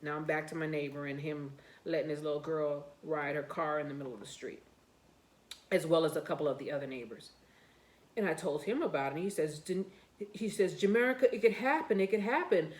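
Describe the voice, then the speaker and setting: A woman recounts a story in a casual, animated way. She repeats herself, stumbles over fillers and restarts, and her lowish voice rings in a room with clear echo. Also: brisk. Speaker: channel host telling a story. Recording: echoey room.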